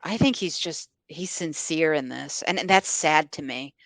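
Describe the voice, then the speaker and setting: Female co-host, lower voice, dry close mic, blunt and scornful. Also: moderate pace, fairly bright tone, no room sound. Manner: blunt, scornful, laughs often. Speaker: podcast co-host. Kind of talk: casual reaction commentary.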